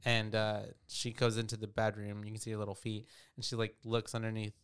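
A man with a smooth, resonant voice chats through a film plot, loose and full of fillers, dropping swear words as he goes. The recording is dry and close with no room sound. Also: on the low side, monotone, a little fast, dry recording. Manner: loose, profane retelling with many fillers. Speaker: podcast co-host. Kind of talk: casual movie recap chat.

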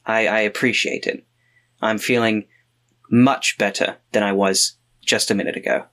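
A man's voice: on the low side, fairly even intonation, normal speed, a bit bright. A man playing a tabletop game, chatting in an easygoing, slightly hesitant way. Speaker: player. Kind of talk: casual game chat.

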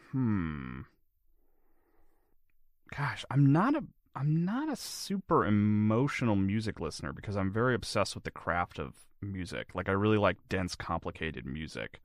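A man's voice: on the low side, very animated, a little slow, no echo, clean studio sound. A man chatting casually as an interview guest, rambling and filling his answers with "like". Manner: rambling, heavy use of "like" fillers. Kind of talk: casual chat.

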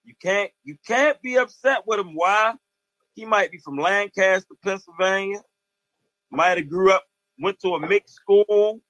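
A man's voice: sits high, measured pace, a bit bright, no room sound, poor audio. A man hosting a casual interview, asking questions in a slangy, supportive way. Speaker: interview host.

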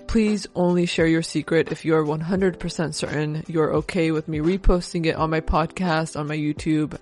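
A male podcast host reading a clear, even outro for his episode. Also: on the high side.

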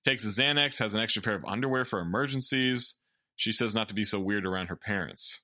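Bright-voiced man recapping a movie plot. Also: lowish voice, fast talker, no echo, clean studio sound. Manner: plot-summarizing, swearing, argumentative. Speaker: podcast co-host recapping the film. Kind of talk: casual comedic movie recap.

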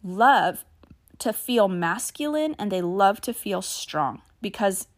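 A woman's voice: medium pitch, lively intonation, slow pace. A middle-aged woman hosting a solo podcast, talking in a chatty, earnest way and sharing stories about her family. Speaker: podcast host. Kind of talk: casual solo podcast talk.

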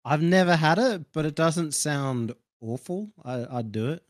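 A man's voice: fairly high pitch, expressive, measured pace, no echo, studio quality. A man with an Australian accent, a caster chatting casually on a panel and giving candid opinions.

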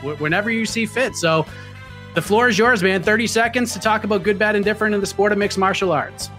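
A man's voice: high-pitched, fast talker, sharp tone, faint music behind. Upbeat male podcast host. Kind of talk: casual chat with game-show framing.

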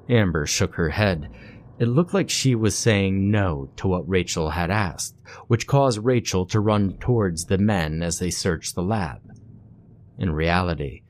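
A man reading a horror story aloud in a steady, measured narration. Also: low-pitched, a little hiss or hum.

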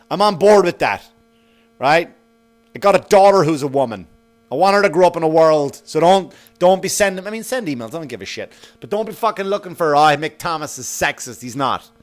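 A man hosting his own podcast, telling a story in a casual, profane, animated monologue. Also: high-pitched. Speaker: podcast host.

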